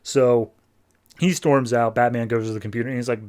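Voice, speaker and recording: A man's voice: mid-range voice, steady tone, fairly quick, a little mellow. A man hosting a podcast, recapping a story in a loose, rambling way. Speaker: podcast host. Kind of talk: casual comic recap.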